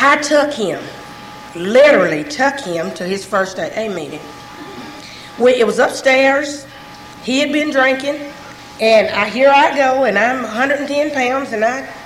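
A woman's voice: high voice, fairly bright tone, echoey room, a little hiss or hum, rough recording. A woman sharing her personal story with a recovery group, talking frankly and repeating herself often.

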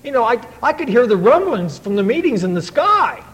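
Speaking fairly quickly in a very high, sing-song, slightly bright voice, a middle-aged man gives personal testimony to a recovery audience. His delivery is earnest and folksy, full of restarts, and the audio is rough.

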